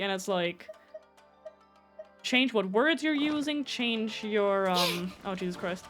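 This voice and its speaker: A woman's voice: medium pitch, expressive, a little slow, fairly bright tone, faint music behind. A woman with a German accent, a native German speaker, chatting casually and rambling on a live gameplay stream, swearing often.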